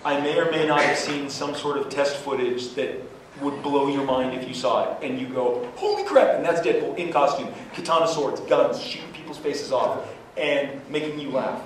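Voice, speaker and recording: A man on a convention panel, telling animated stories and acting out quotes in bursts of high pitch. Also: normal speed, slight background noise. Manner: energetic, acts out quotes with sudden high-pitched outbursts. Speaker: comics creator on a convention panel. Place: large convention hall. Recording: echoey hall from far off with crowd.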